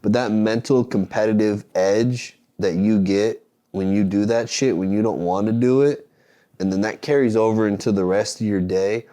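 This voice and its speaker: Man, podcast guest, low voice, mellow tone, blunt, swears a lot, rambling. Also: moderate pace. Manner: blunt and profane, rambling motivational talk. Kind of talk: casual podcast conversation.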